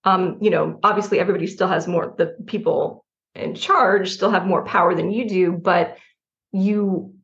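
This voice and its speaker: A middle-aged woman from New Jersey speaks candidly as an interview guest, with a gravelly, fry-edged voice. She is animated, laughs between thoughts and restarts her sentences. The sound is slightly dull and muffled. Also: fairly low pitch, moderate pace. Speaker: writer guest.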